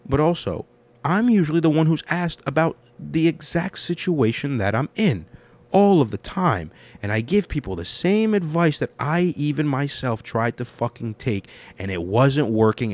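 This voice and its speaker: A young man hosting a casual solo podcast, talking candidly and profanely, rambling between loud rants and quiet confessions. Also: medium pitch, expressive, moderate pace. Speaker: podcast host.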